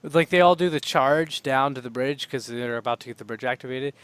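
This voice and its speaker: A man's voice: medium pitch, fairly quick, a bit bright, smooth, no room sound. Young male co-host, loose and chatty, dry and close on the mic. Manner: rambling, laughs often, acts out silly droid voices. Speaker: podcast co-host. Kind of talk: casual chat.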